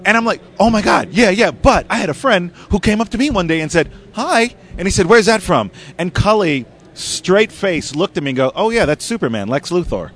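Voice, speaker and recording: Animated man telling geeky anecdotes. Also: high-pitched, fairly quick, few pauses. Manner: animated anecdotes, acts out quotes, laughs often. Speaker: comic book artist guest. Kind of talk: casual interview storytelling.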